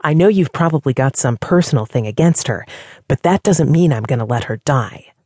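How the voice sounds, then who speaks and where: A woman reads a stubborn, protective young man in her own breathy voice, terse and defiant, his words clipped short. An audiobook reading, dry and close. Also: extremely low pitch, expressive, a little fast, no room sound, exaggerated voice. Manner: terse, defiant, flaring into shouts.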